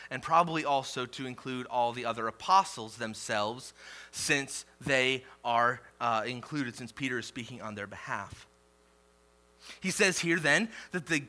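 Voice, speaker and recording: Emphatic bright-voiced male preacher. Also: fairly high pitch. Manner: emphatic preaching, swells loud on key declarations then drops quiet; reads scripture slowly and deliberately. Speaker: pastor. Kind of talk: sermon.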